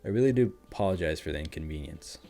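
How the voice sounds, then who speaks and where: A man's voice: a bass voice, expressive, quick pace, vocal fry, mellow, faint music behind, heavily acted. A man voicing a polite but controlling woman boss in her forties while reading a comic aloud. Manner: formal, commanding.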